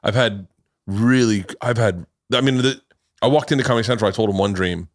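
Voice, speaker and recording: Brisk and lowish-voiced, a middle-aged man hosts a podcast, wandering through casual anecdotes, acting out quotes and cursing freely along the way. The studio recording is clean and echo-free.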